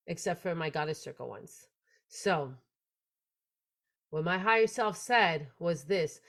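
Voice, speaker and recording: A woman's voice: fairly low pitch, vocal fry. Earnest woman telling a spiritual story. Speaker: podcast host. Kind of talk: spiritual podcast monologue.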